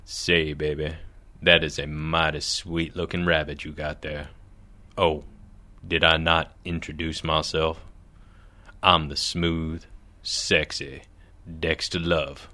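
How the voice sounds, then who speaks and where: A man voicing a smooth, flirtatious lover who croons suggestively in a comedy sketch. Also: a bass voice, little pitch movement, slow, pauses often, bright, forceful tone, exaggerated voice. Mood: seductive.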